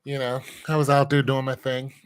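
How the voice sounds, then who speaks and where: A man's voice: medium pitch, monotone, brisk, clean tone. A man speaking in a casual monologue, rambling and candid, joking about himself and laughing often.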